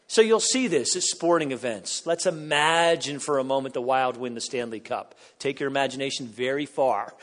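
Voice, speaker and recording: A middle-aged man preaching a sermon as a pastor, swinging from quiet asides to loud, emphatic bursts. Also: medium pitch, moderate pace. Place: church sanctuary. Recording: long hall reverb.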